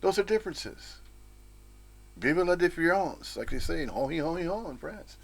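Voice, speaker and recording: A man's voice: fairly high pitch, lively intonation, normal speed, creaky. A man from the United States giving an informal, rambling spiritual talk, with frequent chuckles and playful asides. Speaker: spiritual teacher.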